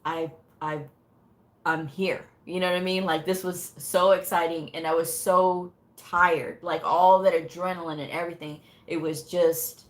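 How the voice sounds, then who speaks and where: A woman with a slightly low-pitched voice tells a personal story in a relaxed, chatty way. She often slips into acting out her own thoughts and reactions. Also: normal speed, few pauses. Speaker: medical coding tutor. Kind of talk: casual storytelling vlog.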